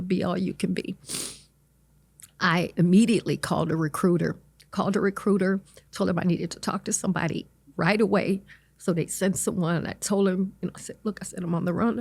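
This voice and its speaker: A middle-aged woman speaks into a close podcast mic in a dry, dead room, her voice sitting low for a woman. She tells her story earnestly, pausing and restarting often and leaning on "you know" as she goes. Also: a little mellow, no echo. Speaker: interview guest. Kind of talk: personal storytelling in an interview.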